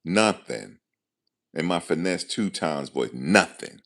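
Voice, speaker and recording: A man's voice: sits low, lively intonation, takes it slowly, creaky, a bit bright. A man hosting a live stream, chatting casually and jokingly. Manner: loose, joking, talks back to chat. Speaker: livestream host. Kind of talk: casual commentary to live chat.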